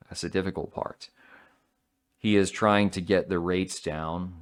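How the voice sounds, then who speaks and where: A man giving opinionated solo commentary in a blunt, sardonic, rambling way. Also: rumbling low.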